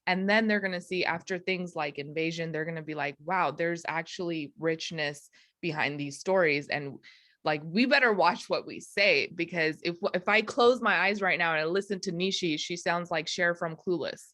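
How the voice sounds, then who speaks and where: A woman comedian in a casual interview, talking in an animated, rambling way with frequent laughs. Her voice is bright and forward. The sound is dry and close. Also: on the low side, moderate pace, dry recording. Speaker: comedian guest.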